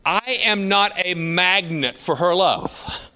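A man in his fifties delivers a sermon with a bright, forceful tone. He speaks in a slightly high register and tells his stories conversationally, lifting his voice for emphasis. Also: slow, clear, resonant tone. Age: 50s. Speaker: pastor.

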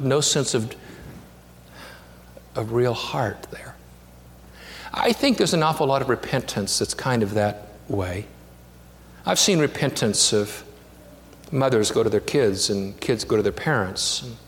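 A pastor preaching a sermon, telling a childhood story, climbing to animated peaks and sinking to a hushed near-whisper. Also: male voice, mid-range voice. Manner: storytelling, rising to animated peaks with self-deprecating humor; drops to a hushed near-whisper on intimate lines. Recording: long hall reverb, faint background noise.

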